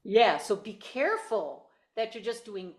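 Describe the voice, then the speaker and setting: A woman's voice: medium pitch, lively intonation, measured pace. A woman voice teacher giving a singing lesson over a video call, explaining in careful detail and repeating her points.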